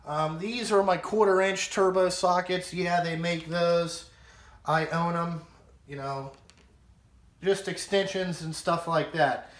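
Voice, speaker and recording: Man, 30s, high voice, unhurried, blunt and foul-mouthed, casual vlogger in an echoey room. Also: fairly even intonation. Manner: blunt and profane, rambling. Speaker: vlogger showing his toolbox. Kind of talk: casual show-and-tell.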